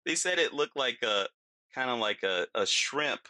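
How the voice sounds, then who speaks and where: A man's voice: medium pitch, lively intonation, moderate pace, dry recording. A middle-aged man, a podcast guest, telling a vivid story casually with lots of fillers. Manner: vivid, lots of fillers, acts out his own yelling.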